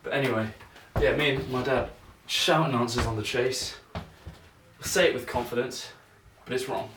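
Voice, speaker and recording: A young man vlogging casually while he practises juggling, thinking out loud in a rambling, self-mocking way. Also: medium pitch, fairly even intonation, moderate pace. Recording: echoey room, mic at a distance, noisy.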